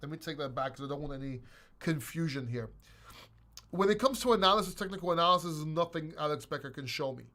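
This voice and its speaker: A man's voice: a little high, animated, fast talker, sharp tone. A man hosting a casual crypto question-and-answer livestream, talking bluntly, rambling and swearing.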